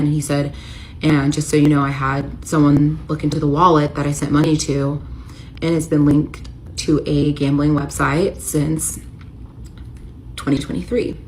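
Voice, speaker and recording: Storytime narrator: American woman, 30s, low voice, emotional, slight noise behind. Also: flat delivery, normal speed, low-quality recording. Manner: emotional, rising to near-shouting when retelling the confrontation. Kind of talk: storytime confessional.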